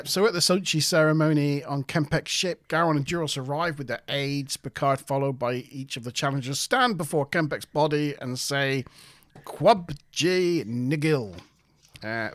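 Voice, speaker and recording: A man's voice: fairly high pitch, fairly bright tone, no echo, clean studio sound. A man co-hosting a live review show, recapping an episode in casual chat with hesitant fillers. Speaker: podcast co-host.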